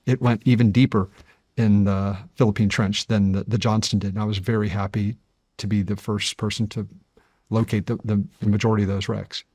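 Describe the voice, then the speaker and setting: A man in his fifties, a guest on an interview show, telling stories in a measured, earnest way and building to animated passages. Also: fairly low pitch, husky, dry recording, clean studio sound. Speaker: guest, deep-sea explorer. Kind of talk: conversational interview storytelling.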